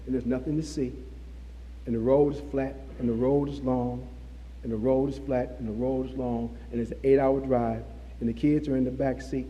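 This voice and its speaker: A man's voice: medium pitch, level tone, normal speed, dark tone, lo-fi sound, a little hiss or hum. A man preaching a sermon, repeating phrases for emphasis. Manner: repetitive, emphatic preaching with restarts. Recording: long hall reverb.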